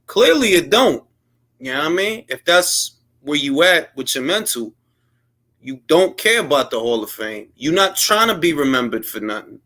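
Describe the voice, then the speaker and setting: A man's voice: medium pitch, animated, moderate pace, pushed and bright. A man giving blunt, heated boxing commentary on his own, in slangy casual speech, mocking others in put-on quotes. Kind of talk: opinionated solo commentary.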